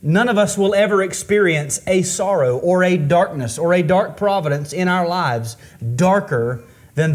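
Brief: male pastor, fairly high voice, unhurried sermon delivery with halting restarts and pitch swells on key words. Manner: slow and deliberate, with repeated restarts; rises and falls in pitch for emphasis. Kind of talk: sermon before communion.

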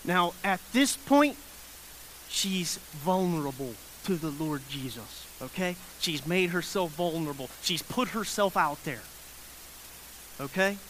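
A man's voice: on the high side, lively intonation, measured pace, fairly bright tone. A man preaching a sermon in a conversational way. He repeats his phrases, checks in with his listeners, and acts out the people in the story. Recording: faint hiss.

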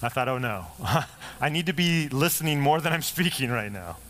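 A middle-aged male pastor in a sermon, telling a personal story in a relaxed, conversational way, acting out the lines of the people in it. His voice sits at an ordinary pitch, with a faint room ambience behind him. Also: normal speed, slight background noise. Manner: conversational storytelling, lively quoted dialogue.

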